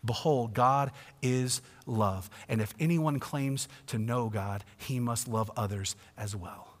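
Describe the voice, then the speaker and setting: Male pastor, 30s to 40s, mid pitch, emphatic sermon delivery with hushed dips, long reverb of a church hall. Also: takes it slowly. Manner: swings from hushed to loud, emphatic.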